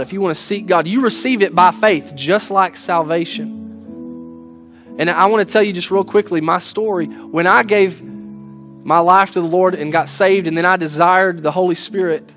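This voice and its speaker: Earnest pastor with a high voice. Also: male voice, a bit bright. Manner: earnest, folksy, restarts words often. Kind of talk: sermon with closing prayer.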